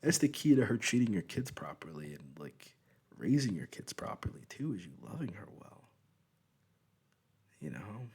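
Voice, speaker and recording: A man's voice: lowish voice, big pitch swings, normal speed, vocal fry, a little mellow, breathy edge. A young man gives a blunt, profane, rambling opinion monologue. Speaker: vlogger.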